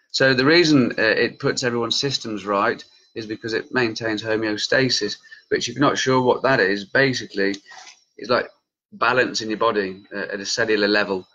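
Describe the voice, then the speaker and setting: The recording is muffled, and the man's medium-pitched voice has a sharp tone. A cannabis campaigner and group leader in his late thirties, he addresses his viewers head-on with fiery, passionate vlog commentary on the news.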